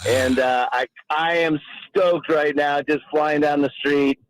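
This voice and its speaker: A man calling a sports radio show on his phone, excited and whooping. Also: a little high, slow, dry recording, poor audio. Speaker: caller. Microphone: phone held to ear while driving.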